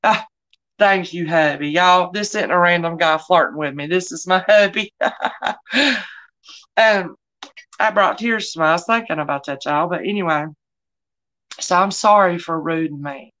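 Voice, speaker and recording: A woman's voice: on the low side, normal speed, fairly bright tone. A middle-aged woman, hosting a live online sale in a chatty, folksy way and greeting viewers by name. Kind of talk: casual live-stream selling chat.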